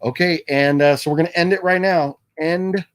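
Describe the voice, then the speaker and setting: A man's voice: fairly high pitch, fairly even intonation, normal speed, smooth. A man hosting a casual live stream from his home, chatting loosely, reading out viewer names and laughing often. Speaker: livestream host. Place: home room with his movie collection.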